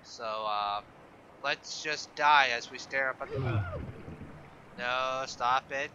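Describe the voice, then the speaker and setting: A man's voice: medium pitch, a little slow, highs cut off, noisy background. A young man hosting a let's-play video, chatting casually, swearing, and chanting words over and over in a sing-song way. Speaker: gaming video host.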